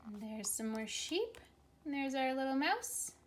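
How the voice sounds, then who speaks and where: A woman teacher reading a picture book aloud to young children, gently coaxing them to repeat animal sounds. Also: sits high, sing-song, a little slow, a little hiss or hum.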